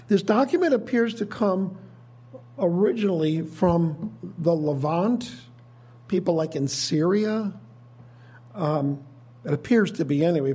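A man preaching a sermon in a measured, thoughtful teaching manner, often restarting his sentences. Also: high voice, dark tone, breathy edge.

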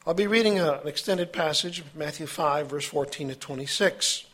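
A man preaching a sermon, reading scripture aloud with his own asides and halting now and then. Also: on the high side. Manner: halting, with fillers and self-corrections.

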